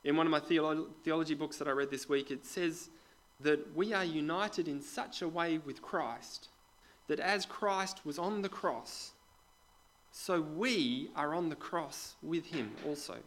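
A man preaching a sermon to a congregation in a conversational way, putting questions to the listeners and dropping into quiet asides. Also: a little high, a little slow, rough recording. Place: church with a congregation.

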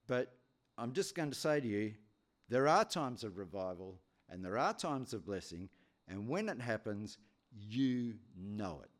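Male preacher, animated storyteller, pitch swinging widely, repeats phrases for effect. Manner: animated storyteller with many repetitions. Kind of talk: sermon with storytelling.

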